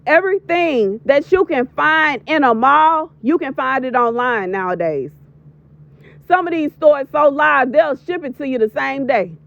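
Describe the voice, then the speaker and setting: A slightly slow, high, gravelly and somewhat bright voice belongs to a woman in her thirties with lively intonation. She creates prophetic videos, and here she gives an emphatic, preachy warning in a dull lo-fi voiceover, repeating lines to drive them home.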